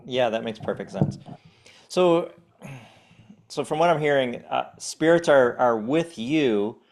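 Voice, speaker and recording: A man's voice: medium pitch, lively intonation, takes it slowly, darkish tone, a little hiss or hum. A man hosting a podcast, asking curious questions and affirming his guest. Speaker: podcast host. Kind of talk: interview questions.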